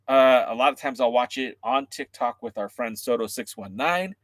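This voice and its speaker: Excitable male host, loose livestream banter, even middle pitch, dry sound. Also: moderate pace, dry recording. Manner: excitable, joking, chatting with live comments. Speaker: wrestling podcast host. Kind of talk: casual livestream chat with viewers.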